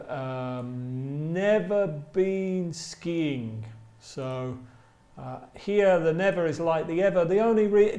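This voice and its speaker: A man teaching an English grammar lesson, repeating example sentences slowly and stretching them out for emphasis. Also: fairly high pitch, darkish tone, reverberant. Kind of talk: slow, deliberate grammar lesson with spoken examples.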